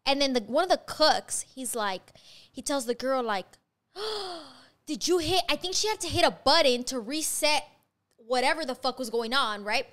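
Bright, high-voiced woman telling a story fast. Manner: fast, profane, animated storytelling. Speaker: podcast host. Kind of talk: casual storytelling chat.

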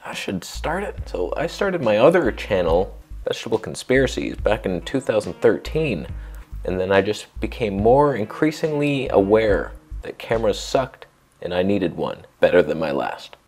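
A man's voice: fairly low pitch, very animated, normal speed, darkish tone, faint music behind. A man giving a comedic camera review, sarcastic and rambling with jokey asides.

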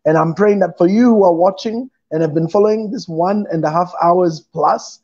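A man's voice: sits high, normal speed, a little mellow. A middle-aged man, a pastor hosting an online conversation, talking casually and with animation, laughing and acting out voices as he tells stories. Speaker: pastor and show host. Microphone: video call. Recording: dull lo-fi online call audio.

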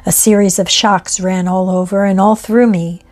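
A woman reading a ghost story aloud in a measured, expressive way. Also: medium pitch. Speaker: narrator. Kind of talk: scripted ghost story narration.

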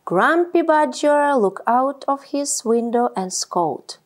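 High-voiced woman reading a kids' story aloud, slow and expressive. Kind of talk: children's read-aloud narration.

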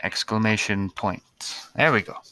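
A man's voice: fairly low pitch, a little slow, pushed and bright. A male teacher giving a recorded lesson to young students, patient and spelling out words one by one.

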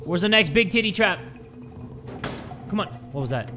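A young man giving jokey, excitable commentary while playing a game, jumping between loud yelps and low mutters. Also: normal speed, soft background music. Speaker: gaming YouTuber. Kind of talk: let's play commentary.

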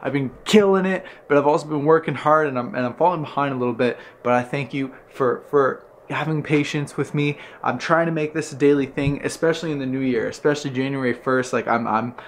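A man's voice: mid-range voice, fairly quick, hardly any pauses, slight background noise. A young man vlogging at a family Christmas gathering, joking around and hamming it up with a mock-Santa act. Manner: jokey, hammy mock-Santa announcing with ho-hos. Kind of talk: casual vlog talk and playful hosting. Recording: family chatter in the background. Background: family talking nearby.

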